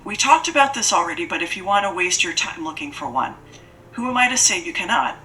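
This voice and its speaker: A woman's voice: lowish voice, sing-song, fast talker, pushed and bright, recorded from a distance, a little hiss or hum, rough recording. A woman reading a cold, formal predator lady. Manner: formal and stiff, no contractions.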